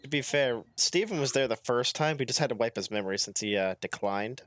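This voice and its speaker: Man, mid-pitched voice, dry close sound, deadpan joking, casual podcast. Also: fairly quick, dry recording. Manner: dry joking, reads insults off a list. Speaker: podcast co-host. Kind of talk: casual chat among friends.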